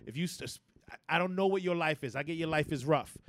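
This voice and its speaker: A man with a fairly high voice rants in a casual podcast chat, swearing freely and tripping over his restarts. The sound is dry and close to the mic. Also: fast, no echo. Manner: profane, emphatic ranting with stammered restarts. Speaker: podcast co-host.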